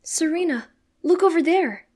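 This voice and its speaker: A woman's voice: on the high side, very animated, normal speed. Woman doing Ash, raised and flustered. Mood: alarmed, yelling. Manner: loud, anxious yelling. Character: flustered teen boy hero in a girl's body.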